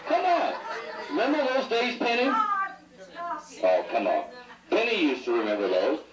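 The recording is muffled and echoey, 1980s home video shot from far away, with crowd noise around a middle-aged son toasting at an anniversary party. On the high side and at moderate pace, his voice swings hugely as he rambles through teasing, joking stories and laughs at them.

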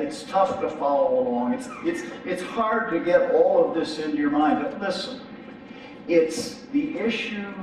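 Standing far from the mic in a large, echoey church sanctuary, a middle-aged pastor with a voice on the high side preaches conversationally, often repeating words as he restarts. A little hiss or hum can be heard.

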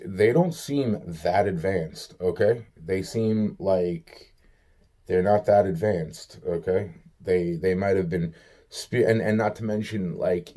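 A man's voice: deep voice, mellow, husky. A man giving a rambling, profane solo rant, exasperated and repeating himself often. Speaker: vlogger.

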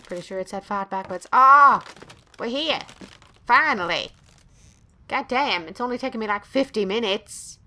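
Woman hosting a let's play: crisp, higher voice, blunt, swears and giggles freely. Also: expressive, unhurried, long pauses, sharp tone. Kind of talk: casual gameplay commentary.

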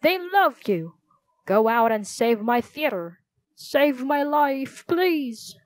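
Woman reading hysterical man, theater owner, wailing, high-pitched, pleading, storybook, dry. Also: animated, takes it slowly, no echo. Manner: wailing, frantic and dramatic.

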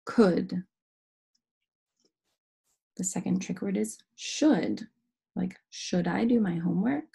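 A young woman teaches an online phonics lesson, patient and methodical. Her voice sits low and mellow, with a husky, gravelly edge. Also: slow. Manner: patient, step-by-step explaining.

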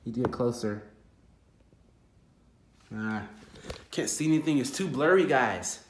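A man hosting a scripted prank vlog, talking excitedly and fearfully to his viewers. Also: mid-range voice, measured pace, pauses often, a little hiss or hum. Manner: excitable, frightened, addresses the viewers. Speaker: vlogger. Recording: echoey room with loud background music.

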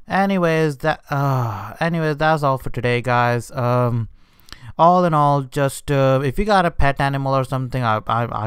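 A man vlogs in an indignant rant, voice smooth and clean, sitting close and dry with no room sound. His pitch sits in an ordinary middle range, and he keeps hesitating and restarting as his outrage carries him along. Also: no room sound. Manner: indignant ranting with frequent hesitations. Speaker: vlogger. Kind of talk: unscripted rant.

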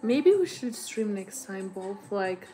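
A woman's voice: mid-range voice, very animated, slow, dark tone, soft background music. A young woman co-hosting a casual livestream with her boyfriend, giving short, hesitant answers. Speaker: co-host, host's girlfriend.

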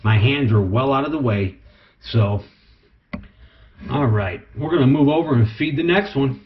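Excitable man in an echoey room. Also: mid-range voice, normal speed, a little hiss or hum. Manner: excitable and chatty. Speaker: snake keeper. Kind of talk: casual how-to vlog. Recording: echoey room, dull lo-fi sound.

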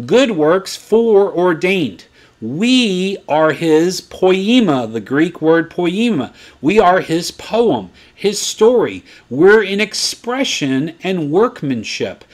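A man in his fifties teaching from the Bible in a sermon style, swinging between quiet asides and excited high points. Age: 50s. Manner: animated, swings from low asides to excited peaks.

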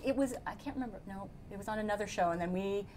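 A woman's voice: medium pitch, rapid-fire, a little hiss or hum. A middle-aged woman, a comedy actress, chatting casually in an interview and acting out the quotes she tells. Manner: chatty, lively, acts out quotes. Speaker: sketch comedy actress and writer.

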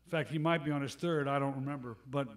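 A man's voice: medium pitch, steady tone, fast. A man, a bandleader at a live gig, telling a long anecdote between songs in a rambling, conversational way, full of asides, recorded on a stage microphone in a music club. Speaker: bandleader and harmonica player.

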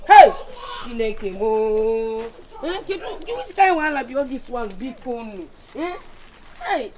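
A woman with a Nigerian accent in a comic skit, loudly scolding and switching between Pidgin and Igbo. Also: a little high, sing-song, takes it slowly, a crowd in the background. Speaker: title comedy character.

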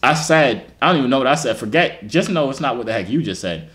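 A man's voice: medium pitch, animated, quick pace, fairly bright tone. A man in his twenties making teasing, slangy small talk with strangers on a video chat app. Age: 20s. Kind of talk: casual flirty banter. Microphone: computer or phone mic, video call.

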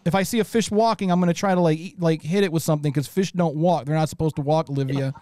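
Man, podcast host, joking and playful, slightly high voice, dry close sound. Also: steady tone, fast talker, dark tone, no room sound. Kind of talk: casual podcast panel chat.

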